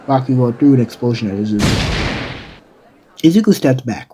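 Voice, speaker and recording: A man's voice: medium pitch, animated, a little fast, long pauses, dark tone, a little hiss or hum. A man narrating a fan-made story in a casual, rambling way, often correcting himself mid-sentence. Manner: rambling, with restarts and self-corrections.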